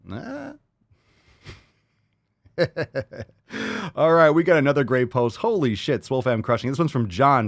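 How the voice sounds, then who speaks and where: A man hosting a casual livestream podcast, loud and profane, hyping up listener posts and talking to his dog. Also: medium pitch, very animated, takes it slowly, long pauses, dry recording, clean studio sound. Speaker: podcast host.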